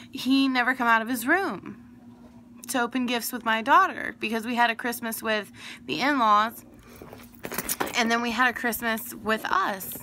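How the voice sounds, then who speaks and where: Bright-voiced woman telling a story. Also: medium pitch, a little hiss or hum. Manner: rambling, digressive, emphatic. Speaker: vlogger telling a personal story. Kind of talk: casual storytelling to camera.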